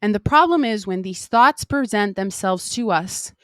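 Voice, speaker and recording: A woman's voice: medium pitch, lively intonation, moderate pace, fairly bright tone, no echo, studio quality. A young woman hosting a podcast, talking candidly in a casual spiritual monologue, swearing freely and acting out her own inner voices. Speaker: podcast host.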